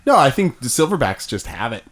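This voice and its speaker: A man's voice: medium pitch, big pitch swings, fairly quick, over a noisy crowd. A man co-hosting a casual comedy podcast, bantering with dry jokes. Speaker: podcast co-host.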